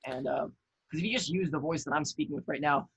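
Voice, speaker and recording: A man guesting on a podcast, talking in a relaxed, thoughtful way and swearing now and then. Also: fairly high pitch, brisk, gravelly, slightly rough, no room sound, poor audio. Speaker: podcast guest, actor and content creator. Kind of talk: casual conversation.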